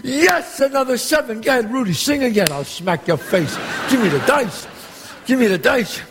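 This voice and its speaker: A brash, high-voiced gangster boss. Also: male voice, very animated, background noise. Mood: boisterous. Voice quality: loud, bossy, swearing, quick with insults. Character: brash, profane gangster boss running a dice game. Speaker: mob boss at a craps game. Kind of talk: film dialogue. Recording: echoey hall sound with faint ambience.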